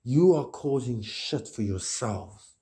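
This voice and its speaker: A man's voice: medium pitch, expressive, slow pace, mellow. A man delivering a rambling, grandiose monologue, preachy and swearing often.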